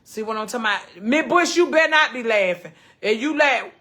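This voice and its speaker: A woman's voice: a little high, lively intonation, brisk, pushed and bright. A woman in her fifties who hosts a casual livestream from home, telling stories animatedly, swearing freely and reading out viewer comments. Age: 50s. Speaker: livestream host.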